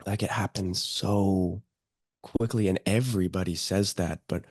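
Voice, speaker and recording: Man, thirties, podcast guest, very low voice, slow, reflective, dry sound. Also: fairly even intonation, darkish tone, no echo. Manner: slow, reflective, hesitant with fillers. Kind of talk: casual conversation.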